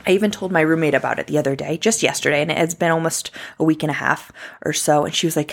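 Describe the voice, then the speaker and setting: A woman's voice: sits low, fairly even intonation, quick pace, vocal fry, few pauses. A woman in her thirties, a traveling ultrasound tech, talking straight to her viewers in a personal vlog, impassioned and emphatic.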